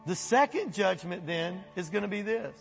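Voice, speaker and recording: A pastor preaching a sermon to his church in a folksy, animated way, chuckling and acting out voices as he goes. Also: sits high, moderate pace, vocal fry, long reverb tail, faint music behind. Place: church sanctuary.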